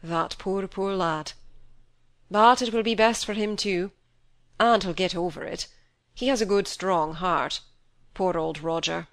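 A woman reading an audiobook, voicing a grave, fatherly older male doctor who speaks slowly and with measured reason. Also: lowish voice. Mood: gentle. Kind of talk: audiobook character voice.

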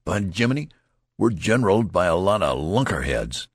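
Man doing a young soldier, brash, indignant, rustic dialect, raised voice, husky, dry. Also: lowish voice, big pitch swings, moderate pace, darkish tone, no echo, pitched above the performer's own voice, full character voice.

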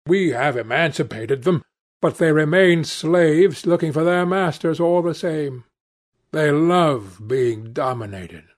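Harry, a languid cynical gentleman read by a man. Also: fairly high pitch, slow pace. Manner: languid, epigrammatic, lecturing. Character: witty cynical aristocratic gentleman.

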